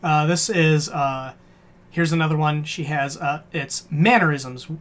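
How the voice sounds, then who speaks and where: Low-voiced woman leading casual chat. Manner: casual, swears, reads prompts out slowly. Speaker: game master leading a character workshop.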